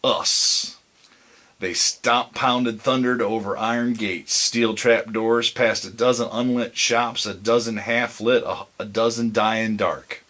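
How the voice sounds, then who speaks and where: Slow, low-voiced male story narrator. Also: fairly even intonation, a bit bright. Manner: measured, deliberate storytelling. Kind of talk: bedtime story reading.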